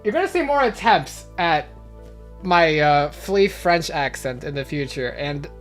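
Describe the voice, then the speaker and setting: Young woman, streamer, casual chat, rambling with lots of fillers, lowish voice, faint music behind. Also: animated, unhurried. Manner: rambling, many fillers and restarts. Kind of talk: casual chat while gaming.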